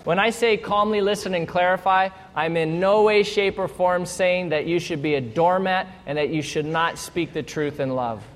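High-voiced guy preaching, playful, acting out little back-and-forths, echo from a big hall. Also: normal speed, few pauses. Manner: animated, playful, acts out little quoted exchanges. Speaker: pastor. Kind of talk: sermon. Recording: hall reverb.

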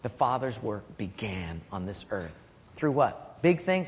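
A man in his fifties preaching a storytelling sermon, dropping to a soft hush for key points. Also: on the low side, big pitch swings, a little slow. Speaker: pastor. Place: church sanctuary. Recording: long hall reverb.

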